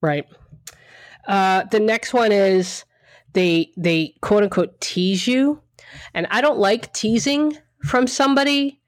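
A woman in casual conversation, speaking bluntly and with plenty of emphasis, often restarting her sentences. Her voice sits at an ordinary middle pitch. The recording is close and dry, with almost no room sound. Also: slow, no echo. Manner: emphatic, frank, mildly profane, rambling with restarts. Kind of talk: casual chat.

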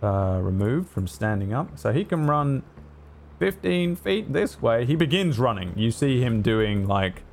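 A man's voice: medium pitch, big pitch swings, a little slow, creaky, a little hiss or hum. A man narrating as game master, vivid and dryly teasing toward the players.

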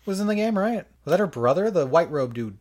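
A man co-hosting a video game podcast, laid-back and quick to laugh, with casual swearing. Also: high voice, sing-song, darkish tone. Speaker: podcast co-host. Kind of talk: casual chat.

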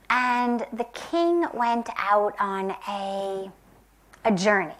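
A woman from the United States telling a spiritual parable in a soft, gentle, reflective way, sometimes dropping to a whisper. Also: a little high, lively intonation. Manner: slow, gentle and reflective, with long pauses. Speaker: spiritual teacher. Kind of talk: spiritual storytelling talk.

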